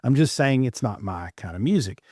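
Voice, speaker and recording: A man co-host talks through his opinions in relaxed, casual chat, often restarting his sentences. His voice sits at a middle pitch, recorded close and dry. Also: no room sound. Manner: measured, opinionated, with frequent restarts.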